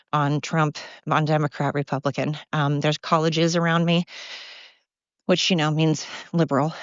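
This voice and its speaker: A woman's voice: low voice, no echo, highs cut off. A breathless woman rambling bluntly into her phone as she walks outdoors with her dogs, swearing freely and drifting between topics. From Oregon, USA. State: out of breath from walking. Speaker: podcast host. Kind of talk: rambling walk-and-talk monologue. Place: outdoors by a river, walking dogs. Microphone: phone held while walking.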